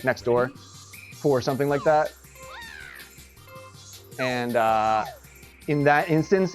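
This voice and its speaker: A man streaming an online golf game live, commenting excitedly, laughing often, swearing and scolding himself over his shots. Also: mid-range voice. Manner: excitable, swearing, quick to laugh and self-critical.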